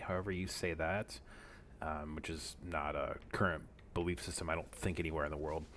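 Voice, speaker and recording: A deep-voiced man talks through his game stream in a loose, wandering way, full of ums and side remarks. A faint hiss sits under his voice. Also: steady tone, brisk, a bit bright. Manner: rambling, many fillers and asides. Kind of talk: casual gameplay commentary.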